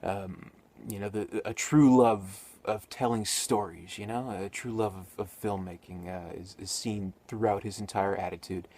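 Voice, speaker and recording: A man's voice: lowish voice, steady tone, moderate pace, hardly any pauses, a little mellow. A man giving a casual spoken movie review, rambling with many fillers and restarts.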